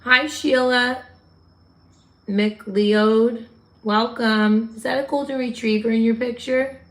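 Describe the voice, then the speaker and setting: A woman's voice: on the high side, fairly even intonation, slow. A woman with a New York accent hosting a casual livestream, chatting with viewers and answering their comments. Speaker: livestream host.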